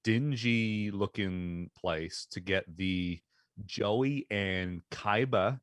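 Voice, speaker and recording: A man from Pennsylvania co-hosting a podcast in relaxed, hesitant casual chat. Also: on the low side, extremely slow, dry recording, studio quality. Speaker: podcast co-host.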